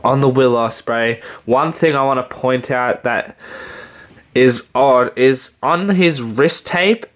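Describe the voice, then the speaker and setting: An Australian man reviewing action figures in a casual, rambling, excitable way. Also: mid-range voice, slow pace. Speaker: toy reviewer.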